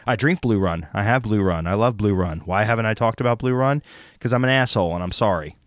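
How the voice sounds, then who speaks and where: A man's voice: lowish voice, fast talker, no room sound, clean studio sound. A man hosting a podcast, introducing his guest with joking, self-deprecating banter. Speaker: podcast host. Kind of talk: casual podcast interview.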